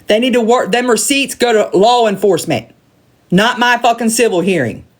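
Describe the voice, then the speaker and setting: A woman's voice: fairly high pitch, moderate pace. A woman with a Southern accent, ranting bluntly and profanely on a livestream from her phone and hammering her points by repeating them. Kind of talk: heated livestream rant.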